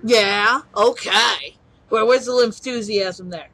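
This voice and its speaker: A woman's voice: fairly high pitch, slow, a bit bright, slightly rough. A woman casually playing a video game with a child, laughing often and coaxing her along. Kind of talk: casual let's-play chat. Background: faint chiptune music.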